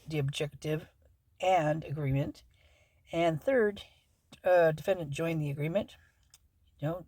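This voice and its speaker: A woman's voice: sits low, mellow, husky, no echo, studio quality. A woman hosting a true-crime channel, reading through a legal document aloud in a casual, rambling way with many fillers and self-corrections.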